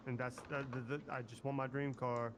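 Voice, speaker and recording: A man's voice: mid-range voice, flat delivery, brisk, background noise. A man streaming a roleplay game who rambles, swears casually and piles up fillers while trying for an Italian accent. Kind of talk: casual in-character game chat.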